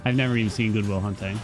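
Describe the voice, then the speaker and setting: Man, game streamer, casual commentary, slow talker, chatty, faint background music. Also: medium pitch. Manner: laid-back, chatty, addresses chat, hums along.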